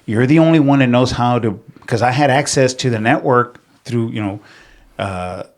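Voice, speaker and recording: A middle-aged man from San Antonio, a podcast guest, telling animated stories in casual chat, acting out quotes and swearing freely. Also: mid-range voice, moderate pace. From San Antonio, Texas. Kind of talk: casual storytelling.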